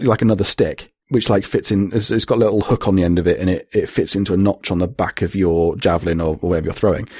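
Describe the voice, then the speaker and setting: A man with a husky voice, chatting casually on a podcast in a rambling, sweary way. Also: low voice, a little mellow, no echo, studio quality. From Britain. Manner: rambling, sweary, laughs often. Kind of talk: casual chat.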